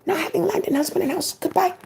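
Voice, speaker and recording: A distraught wife from long ago pleads and demands answers in a shrill, high voice that sits far above the speaker's usual register, as a woman puts her on. She keeps asking why, and her tone stays soft and mellow at the edges. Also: fast talker, gravelly, heavily acted. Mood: pleading. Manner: pleading, asks why again and again.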